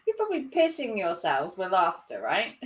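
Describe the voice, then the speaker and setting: A woman's voice: mid-range voice, wildly swooping pitch, moderate pace, far from the mic. Giggly woman with a Norfolk accent. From Norfolk, England. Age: 30s. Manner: chatty, giggly, self-mocking. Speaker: livestream host. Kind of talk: casual chat reading viewer comments.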